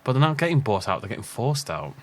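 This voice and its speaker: A man's voice: medium pitch, sing-song, quick pace. Chatty man thinking aloud over a game. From Isle of Man. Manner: rambling, thinking aloud, chuckling. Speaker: let's play host. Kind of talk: casual gameplay commentary.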